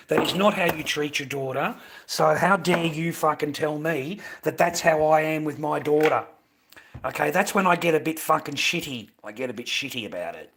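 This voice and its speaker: A man's voice: on the high side, fairly bright tone. Blunt, foul-mouthed Australian man in his fifties. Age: 50s. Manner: blunt, heavy swearing, repeats himself, combative. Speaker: livestreamer. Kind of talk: profane angry rant to a live stream.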